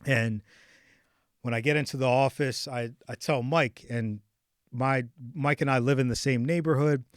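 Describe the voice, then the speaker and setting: A man in his forties hosting a podcast, telling a personal story in a casual chat with animated swings between hushed and loud. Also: mid-range voice, normal speed, no room sound, clean studio sound. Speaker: podcast host.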